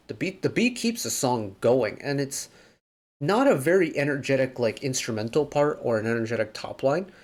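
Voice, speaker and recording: Casual reaction host, male, mid-range voice, analytical and musing. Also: medium pitch. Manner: analytical, thinks aloud with frequent "like".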